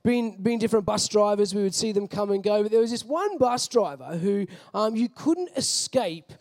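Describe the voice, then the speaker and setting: High-voiced Australian male pastor. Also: animated, normal speed, darkish tone. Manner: casual, storytelling, many fillers. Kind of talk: sermon with personal stories.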